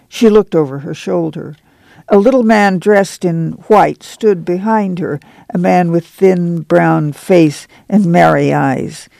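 Guy narrating a story, slow and measured, dark mellow tone, dry sound. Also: fairly high pitch, gravelly, no echo. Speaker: audiobook narrator. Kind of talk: scripted narration.

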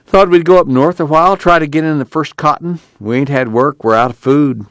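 A man's voice: a little high, a little fast, fairly bright tone, no room sound, pitched above the performer's own voice. A man voicing a weary farmer father who talks plainly with a resigned country manner. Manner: plain rural speech, resigned.

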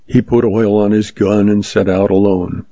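A man narrating pulp western stories in a steady, measured reading. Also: fairly low pitch, no room sound. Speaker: story reader, host. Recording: dull lo-fi, dry.

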